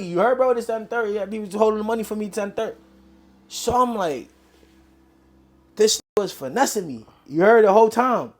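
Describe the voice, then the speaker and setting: A man telling a story in casual street slang, acting out quoted lines as he goes. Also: high-pitched. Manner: animated street slang, quick quoted dialogue. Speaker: interview guest.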